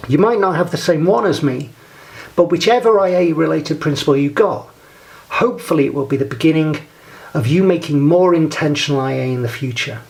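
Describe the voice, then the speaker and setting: A man presenting a scripted instructional talk, speaking in a measured, deliberate way and guiding the listener step by step. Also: on the high side, gravelly, a little mellow.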